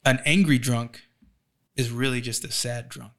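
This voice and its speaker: A man in casual podcast conversation, animated, swearing freely and often acting out other people's voices. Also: mid-range voice, measured pace. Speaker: podcast co-host. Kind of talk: casual chat.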